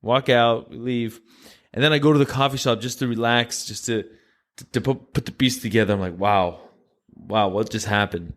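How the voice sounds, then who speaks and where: A man's voice: medium pitch, normal speed. A man from Greece, a podcast guest telling a story in casual chat and acting out the voices of people he quotes.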